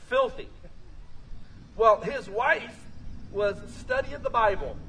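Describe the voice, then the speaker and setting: A man preaching a lively sermon as pastor, telling stories and rising to shouts. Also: sits high, distant mic, slight background noise, rough recording. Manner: energetic, storytelling, rising to shouts.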